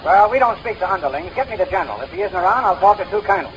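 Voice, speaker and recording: An actor playing a fast-talking, wisecracking male con man in an old radio comedy. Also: high-pitched, animated, fairly bright tone, slight background noise. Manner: rapid wisecracking patter. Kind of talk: 1930s radio comedy acting. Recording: dull lo-fi old radio recording.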